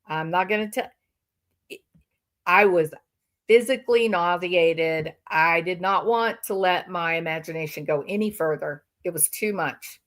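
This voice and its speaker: A woman hosting a livestream, giving emphatic, sarcastic reaction commentary. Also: on the low side. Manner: emphatic and sarcastic, drawn-out phrasing. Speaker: livestream host.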